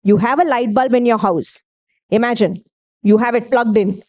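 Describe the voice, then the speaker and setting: A woman preaching a sermon in a slightly high, mellow voice. She speaks emphatically, often asking her listeners questions and answering them herself. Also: normal speed.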